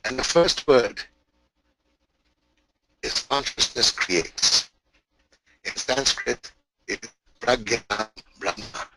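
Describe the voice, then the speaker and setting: A man's voice: medium pitch, slow, pauses often, background noise. A man teaching a spiritual webinar, telling a parable in an emphatic, repetitive way with frequent restarts.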